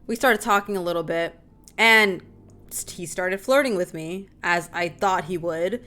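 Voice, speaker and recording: A young adult woman hosting a casual group talk, telling a personal story with lively, animated delivery and calling listeners "y'all". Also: fairly low pitch, unhurried. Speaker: talk show host.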